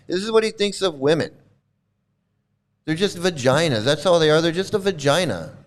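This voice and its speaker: Male livestream host, slightly high and clear-toned, with indignant, repetitive ranting. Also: expressive, moderate pace, pauses often. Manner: indignant, heated, repeats himself. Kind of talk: ranting commentary to a live chat.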